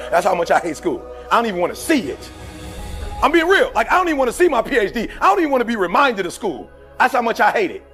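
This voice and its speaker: This motivational speaker, a middle-aged man from Detroit, has a high, fairly bright voice. He preaches with fire, telling slang-heavy stories over faint background music.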